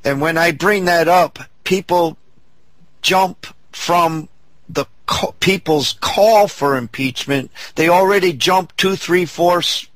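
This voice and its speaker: A man hosts a political talk show in a somewhat high voice, talking slowly and hesitantly as he searches for words. The sound is dry and close. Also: a bit bright, dry recording.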